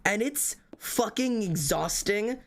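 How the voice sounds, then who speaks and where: A man's voice: high voice, expressive, slow pace. Man, livestreamer, casual rant, heavy swearing, rambling, self-critical. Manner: self-critical, venting to chat. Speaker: livestreamer reading chat.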